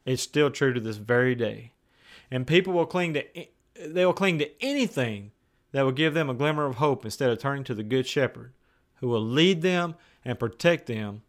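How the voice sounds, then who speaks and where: A male preacher with a mid-range voice delivers a sermon in plain, conversational language. He rises to emphatic, raised declarations and then sinks into hushed, slow asides. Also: medium pitch, lively intonation. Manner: conversational, with plain everyday phrases.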